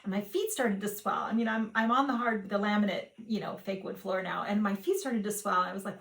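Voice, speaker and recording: A woman's voice: fairly high pitch, a little fast, creaky. Chatty woman vlogging in an echoey room. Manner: rambling, warm-hearted, self-interrupting. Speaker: flosstube host. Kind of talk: casual chatty vlog. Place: home room, hard laminate floor.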